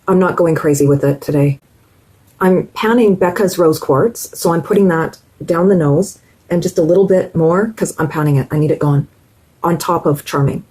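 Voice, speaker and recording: Talking directly to her viewers at a normal speed, a middle-aged woman enthusiastically chats her way through a makeup tutorial as a beauty vlogger. She has a husky, slightly low, mellow voice, though the audio is poor.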